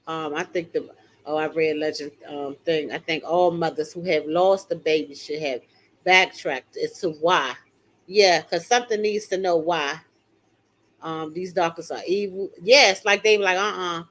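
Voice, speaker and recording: A woman's voice: fairly low pitch, moderate pace, fairly bright tone. An older woman hosting a casual live stream, talking emphatically and straight to her viewers as she reads and answers their comments. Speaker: channel host reading viewer comments.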